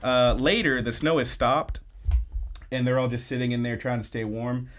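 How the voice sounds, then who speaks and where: A man talking through an anime plot on a podcast, at a middling pitch. He rambles along in a loose, chatty way, leaning on "like" and "uh" as he retells scenes. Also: fairly even intonation, moderate pace. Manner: rambling storytelling with many fillers. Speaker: podcast co-host. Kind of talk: casual anime episode recap.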